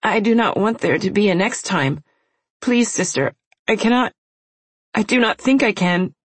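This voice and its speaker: A woman's voice: medium pitch, animated, normal speed, slightly rough, dry recording, pitched above the performer's own voice. A woman reading an audiobook voices a frightened young girl who begs and trembles. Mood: pleading. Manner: begging, trembling.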